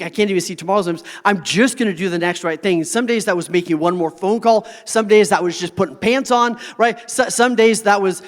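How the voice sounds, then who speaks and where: Earnest man speaking in a reverberant hall. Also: sits high. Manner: earnest, keeps checking in with the audience; heartfelt personal storytelling. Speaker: motivational speaker. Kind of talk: motivational talk to a live audience.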